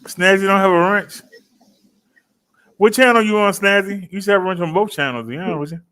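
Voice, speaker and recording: A man hosting a livestream in a relaxed, chatty way, talking to viewers by name, recorded on a phone worn on his chest. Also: high-pitched, brisk. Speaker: livestream host. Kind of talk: casual chat with a live chat.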